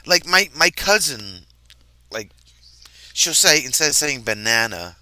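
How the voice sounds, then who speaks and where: Bright, chatty man with a lively voice. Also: medium pitch, a little slow. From New Jersey, near New York. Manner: chatty, laughs often, trails off mid-sentence. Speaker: livestream host. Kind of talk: casual chat. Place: RV campground, livestream.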